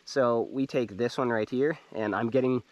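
A man's voice: medium pitch, normal speed, lo-fi sound. A middle-aged man hosting a casual outdoor adventure vlog, upbeat and chatty, talking to viewers on a camping trip and mountain trail. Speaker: vlog host.

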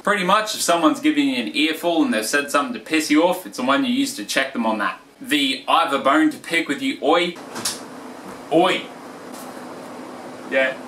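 A man's voice: medium pitch, expressive, moderate pace, sharp tone. Man doing a laid-back Australian bloke. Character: impression of a male Australian fighter, laid-back. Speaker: comedic presenter. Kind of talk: mock instructional comedy sketch. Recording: echoey room, distant mic, faint hiss.

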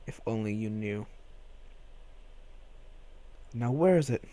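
A man doing a cold, quiet assassin. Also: expressive, slow. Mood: menacing. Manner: low, quiet and threatening. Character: cold menacing male assassin interrogator.

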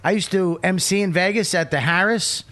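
A man's voice: high-pitched, normal speed, bright, forceful tone. Blunt, swearing male podcast host. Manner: blunt, profane, teasing. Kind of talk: casual podcast chat.

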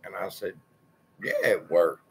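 A man's voice: deep voice, fairly even intonation, measured pace, gravelly, slight background noise. A man hosting his own channel, telling a personal story in a rambling, profane, wry way. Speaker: channel host.

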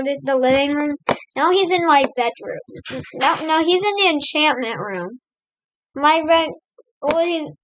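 In this low-quality recording with slight background noise, a high-voiced woman from the United States hosts a let's play. She chats to her in-game pets while offering loose, meandering commentary on the game.

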